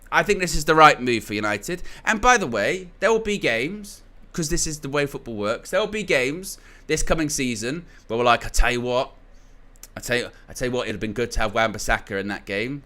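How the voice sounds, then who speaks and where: A young man with a bright, forceful voice, talking through his football takes in a loose, casual way. He keeps restarting sentences and padding them with fillers as he hosts his channel. His pitch sits in an ordinary middle range. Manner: rambling, frequent restarts and filler words. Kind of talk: casual opinion commentary.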